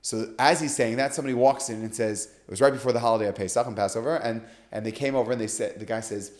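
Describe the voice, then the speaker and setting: A man's voice: mid-range voice, fairly even intonation, fast talker, hardly any pauses, a little mellow. A man on a podcast, telling a story with animation and acting out the quoted dialogue. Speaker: guest speaker.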